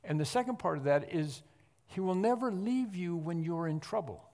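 A man's voice: high voice, expressive, normal speed, a little mellow. A man preaching a sermon in a church, earnest and emphatic in his delivery. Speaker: pastor. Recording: long hall reverb.

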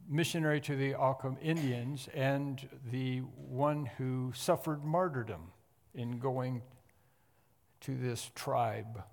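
A man's voice: medium pitch, vocal fry, darkish tone. A man preaching a sermon in a church, earnest and emphatic in his delivery. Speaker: pastor. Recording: long hall reverb.

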